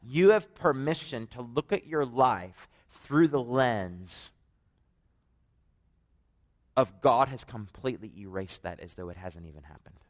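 A man's voice: medium pitch, measured pace. A man with a Canadian accent preaches a conversational sermon, telling stories with joking asides. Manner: animated storytelling, joking asides.

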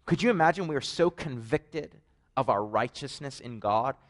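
A man's voice: medium pitch, moderate pace. Canadian man preaching a casual sermon. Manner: animated storytelling, joking asides. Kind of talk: conversational sermon.

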